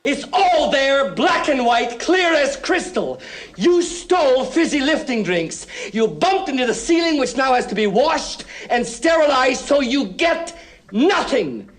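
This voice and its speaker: An eccentric, furious chocolatier. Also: male voice, very high-pitched, very animated, a little slow, heavily acted. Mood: coldly furious. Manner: clipped, icy scolding delivery. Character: eccentric angry male chocolatier, furious and sharp. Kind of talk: film dialogue.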